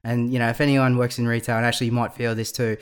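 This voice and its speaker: An Australian man with a middle-pitched voice chats casually on a roundtable podcast. He tells his stories in an animated, rambling way and laughs along with them. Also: very fast, smooth. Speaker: podcast panelist.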